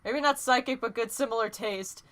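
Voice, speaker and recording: Excitable young woman streamer, rambling. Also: on the high side, normal speed. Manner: excitable and rambling, laughs often, trips over her words. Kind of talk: casual live-stream chat while drawing. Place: home.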